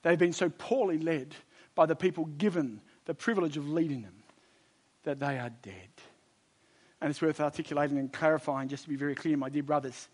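A man preaching a sermon to a congregation, emphatic, moving between loud exhortation, quiet intensity and chatty storytelling asides. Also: fairly high pitch, a little fast.

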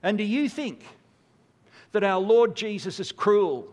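High-pitched guy preaching, dramatic, big echoey church hall. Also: unhurried. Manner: dramatic, acts out quotes with big pitch swings. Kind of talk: sermon. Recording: long hall reverb.

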